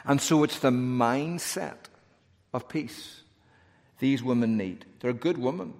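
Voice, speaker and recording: A male pastor preaching a sermon earnestly, building to emphatic peaks and dropping to a hush in prayer. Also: medium pitch. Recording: long reverb of a large hall.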